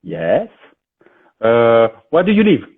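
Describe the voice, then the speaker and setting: A man with a French accent, a native French speaker, hosting a live online interview over a video call, halting and repeating his words. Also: mid-range voice, huge pitch swings, breathy edge, narrow, tinny audio. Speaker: host.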